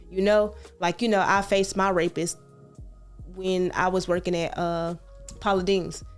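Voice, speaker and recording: A woman talking earnestly on a podcast, repeating phrases and reassuring the listener, with animated storytelling. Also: fairly low pitch, a little slow, faint music behind. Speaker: podcast co-host. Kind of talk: casual heartfelt podcast chat.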